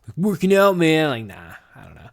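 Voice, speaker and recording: A young adult man hosting a podcast from his garage office, rambling and profane, laughing a lot and swinging from mumbled asides to loud excited bursts. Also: a little high, fairly quick. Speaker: podcast host. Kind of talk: casual podcast monologue.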